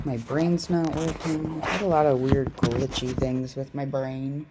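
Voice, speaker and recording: Speaking over a noisy background, this woman has a rumbling low voice, a flat delivery and an unhurried pace with barely any pauses. She's a weary tarot reader streaming live, yawning as she shuffles cards and making casual, self-deprecating chat with viewers and herself.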